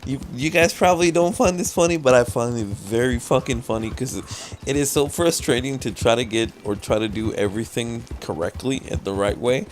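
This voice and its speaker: A man's voice: medium pitch, moderate pace, a little hiss or hum. A man streaming live gameplay, commentating, swearing a lot and laughing at his own frustration. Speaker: gaming streamer.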